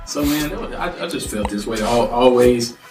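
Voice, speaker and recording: A man's voice: medium pitch, expressive, moderate pace, darkish tone. Storytelling man in a roomy space. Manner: storytelling, acts out quoted voices. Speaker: podcast co-host. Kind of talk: casual chat. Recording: roomy, distant mic, faint music.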